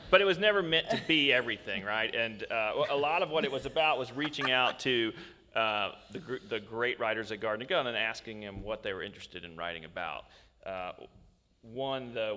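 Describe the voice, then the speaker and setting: Man, panel moderator, relaxed, laughs easily, bright tone, hall echo. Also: fairly low pitch, a little hiss or hum. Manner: relaxed, laughs easily, reads passages aloud. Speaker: magazine editor moderating a panel. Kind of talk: casual onstage conversation. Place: large hall at a book festival. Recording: reverberant hall, stage mics.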